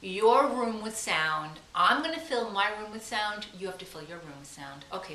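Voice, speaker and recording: A woman with a Long Island accent teaching a guided meditation lesson, talking with enthusiasm and slowing into drawn-out chants. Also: medium pitch, lively intonation, pushed and bright, distant mic. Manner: enthusiastic, chants slowly at times. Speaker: psychic teacher. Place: room at home. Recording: echoey room with faint hiss.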